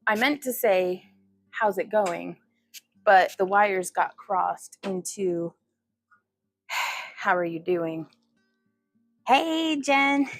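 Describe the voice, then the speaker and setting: A woman's voice: mid-range voice, lively intonation, drawn-out words, long pauses, dry recording, soft background music. A woman hosting a casual livestream, chatty and giggly, often laughing at herself. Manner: giggly, chatty, self-deprecating. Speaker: livestream host.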